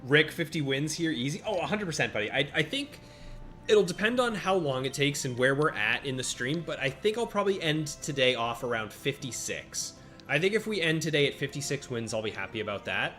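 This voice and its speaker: A man giving casual live-stream commentary while playing a monster-battle game, chatting with viewers by name and reacting out loud to each turn. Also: fairly high pitch, big pitch swings, brisk. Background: faint game music.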